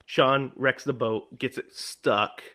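Animated man retelling a horror film. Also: mid-range voice, slow pace. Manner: animated, acts out characters' lines in put-on voices. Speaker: podcast co-host.

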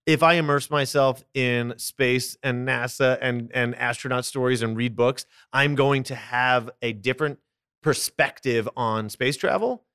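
A man with a Philadelphia accent, chatting as a podcast guest about his acting work, animated and quick to restart his sentences. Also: mid-range voice, clear, resonant tone, no echo, clean studio sound. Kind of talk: casual interview chat.

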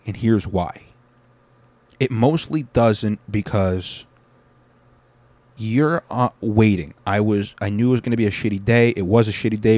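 A man's voice: on the low side, darkish tone, no room sound. A young man hosting his own podcast, ranting with heavy swearing and then telling stories about doing stand-up comedy. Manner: angry, profane ranting that settles into reflective storytelling. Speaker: podcast host and stand-up comic.

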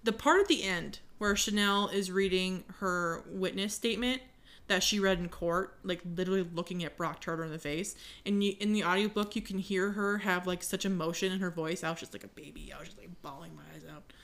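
A young woman co-hosting a podcast chats casually about books in a fairly bright, somewhat low voice at a brisk clip. She giggles, swears now and then, and lets sentences trail off unfinished.

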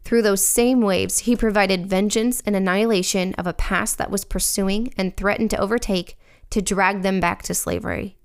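Woman reading a devotional, earnest and reflective, mid pitch. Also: fairly even intonation, moderate pace, smooth. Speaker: devotional speaker.

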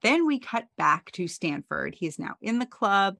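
A woman co-hosting a podcast, casually recapping a TV episode with animated storytelling and playful quoted voices. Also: mid-range voice, normal speed, gravelly, no room sound, clean studio sound. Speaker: podcast co-host.

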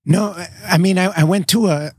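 A man's voice: high voice, a little fast, darkish tone, breathy edge, no room sound, clean studio sound. A man chatting easily as a guest on a casual podcast outdoors, rambling with lots of "you know.". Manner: easygoing, rambling, many fillers like "you know". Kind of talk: casual chat. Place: outdoors in a backyard treehouse.

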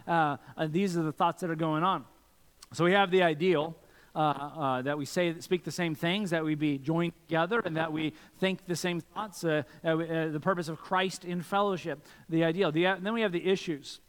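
Pastor, male, preaching earnestly with rhetorical questions, slightly high voice, long church-hall reverb. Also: fairly even intonation, moderate pace, clean tone. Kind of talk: sermon.

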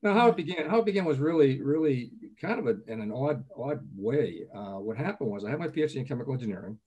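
An older man, a groundwater professor, telling anecdotes in a relaxed interview, chatty and peppered with "okay?" asides. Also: mid-range voice, quick pace, breathy edge, highs cut off.

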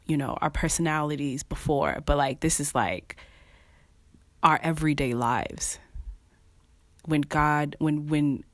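A preacher giving casual devotional teaching, pausing often, repeating words and chuckling between thoughts. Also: medium pitch, no room sound. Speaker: online preacher.

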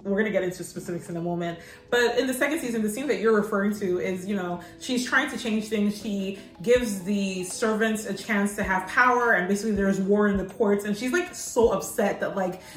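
A woman co-hosting a casual podcast, chatting in an animated way, laughing often and acting out quotes. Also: mid-range voice, a little fast. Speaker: podcast co-host. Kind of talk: casual chat. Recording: echoey room, a bit far from mic, faint music.

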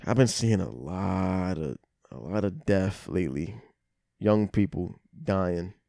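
A young man with a lowish voice in casual chat, reacting in a laid-back, slangy way. The sound is close to the mic and dry, with no echo. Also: expressive, slow pace, creaky, mellow.

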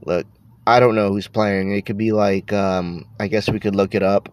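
A man hosts a casual podcast in a fairly low, level voice at a measured pace, with no echo. Allergies leave him congested and nasal, and he sounds tired, rambling and swearing as he trails off.

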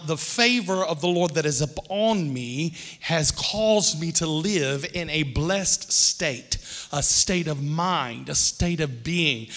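Slow, bright-voiced pastor preaching in a hall. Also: male voice, fairly high pitch. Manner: leads call-and-response with the congregation; joking, playful asides. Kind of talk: sermon. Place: church hall with congregation. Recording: long reverb of a large hall.

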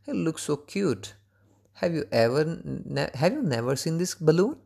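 A man voicing a kindly grown man selling balloons in a spoken story, with a gentle, questioning manner. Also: a little high, big pitch swings, measured pace, vocal fry, slightly rough, full character voice.

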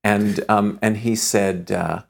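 A man telling a long anecdote in conversation, lively and acting out the dialogue, often restarting his sentences with stammers. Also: lowish voice, slow pace, creaky. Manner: lively storyteller who acts out quoted dialogue.

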